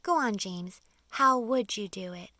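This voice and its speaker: A woman voicing a gentle, motherly female ladybug in an audiobook. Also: mid-range voice, unhurried, no echo, clean studio sound. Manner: gentle, soothing. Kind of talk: audiobook character voice.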